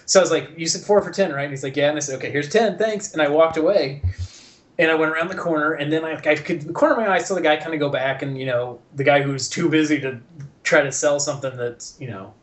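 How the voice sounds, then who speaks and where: Slightly high-voiced man, swears a lot, animated storyteller voicing everyone in his anecdote. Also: quick pace. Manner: profane, animated storyteller acting out dialogue. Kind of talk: casual chat, storytelling.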